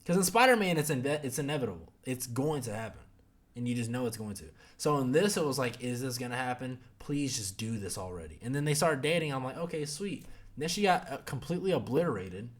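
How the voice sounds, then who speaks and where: A young podcast host with an animated, mid-range voice speaks fairly quickly. He chats casually about a show, rambling and swearing, with plenty of fillers in this relaxed review.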